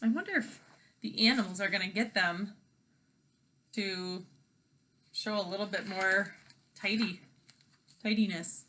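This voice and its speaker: A woman teacher reading a picture book aloud to children, pausing to make predictions and ask questions. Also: mid-range voice, sharp tone.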